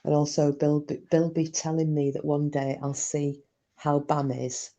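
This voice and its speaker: A woman's voice: low voice, little pitch movement, unhurried, warm tone. A woman hosts a casual livestream, reading comments aloud in a chatty, sweary way. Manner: chatty, sweary, laughs easily. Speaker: livestream host.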